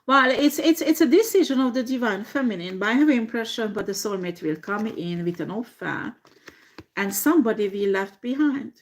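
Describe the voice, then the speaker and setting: A woman reading tarot in a slow, halting way, with many fillers and frequent laughter. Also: fairly high pitch. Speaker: tarot reader.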